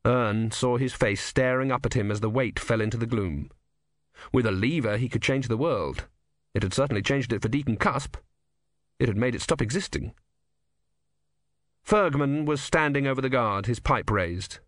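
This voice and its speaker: A man reading an audiobook in a measured, wry storytelling manner. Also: medium pitch, no echo, clean studio sound. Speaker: audiobook narrator. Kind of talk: scripted narration.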